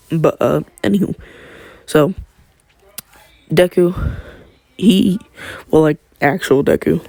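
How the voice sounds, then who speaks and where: Slow, gravelly man rambling a fan story. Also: on the high side, darkish tone, no room sound. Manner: rambling, slangy, self-interrupting asides. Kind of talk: casual fan-story narration.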